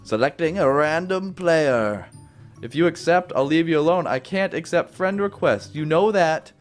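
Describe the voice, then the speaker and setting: Male gaming host, goofy and chatty, lively pitch, light music bed underneath. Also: moderate pace. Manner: playful, silly, chatty with viewers. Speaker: gaming YouTuber. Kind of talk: casual live game commentary.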